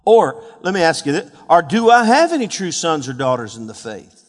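A man preaching a sermon, fervent, building to shouted peaks and asking the congregation questions. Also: fairly high pitch, sing-song, normal speed. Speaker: pastor. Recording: long hall reverb.

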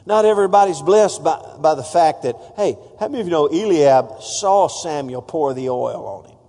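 Pastor preaching, high voice swinging all over, lots of hall reverb. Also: male voice, moderate pace. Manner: animated, exhorting the congregation with call-outs. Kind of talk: sermon.

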